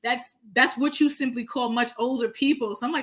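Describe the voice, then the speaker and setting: A woman's voice: a little high, fairly quick. A woman from New York with a New York accent, a guest author chatting and telling stories animatedly, acting out what people said. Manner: animated storyteller, acts out quotes. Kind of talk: casual conversation.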